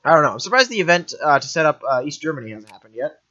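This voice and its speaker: A man's voice: a little high, sing-song, rapid-fire, bright, forceful tone, highs cut off. A young man giving offhand, rambling commentary while playing a strategy game, often correcting himself. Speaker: gaming commentator. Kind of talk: let's play commentary.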